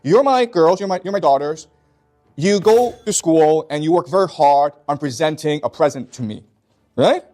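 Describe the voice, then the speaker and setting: A man's voice: on the high side, lively intonation, normal speed, mellow, soft background music. A man teaching a class in an emphatic way, often stopping to check that his students follow. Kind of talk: classroom lecture.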